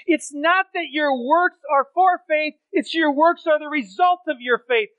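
A man preaching a sermon, swinging from loud emphatic phrases to low quiet asides. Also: unhurried, few pauses, no echo. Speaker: pastor. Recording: dry, tinny phone-like sound.

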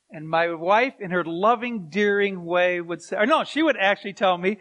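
A man's voice: high voice, lively intonation, unhurried, a bit bright. A middle-aged man, a pastor, preaching a sermon and telling stories with chuckles and asides.

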